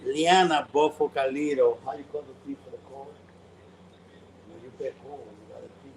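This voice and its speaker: A man's voice: medium pitch, moderate pace, background noise. A man who owns a cigar lounge, talking in a casual interview and telling stories animatedly in broken English.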